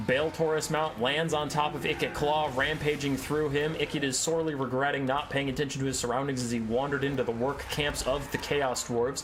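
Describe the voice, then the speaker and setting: Man doing lively game commentary. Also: medium pitch, noisy background. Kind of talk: story narration and battle commentary.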